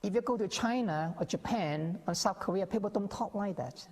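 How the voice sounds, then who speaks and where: Appearing as a guest on a TV interview, a man earnestly explains his views, repeating words, stammering and restarting often. His voice is high, a little mellow with a breathy edge, at normal speed, and the studio sound is reverberant.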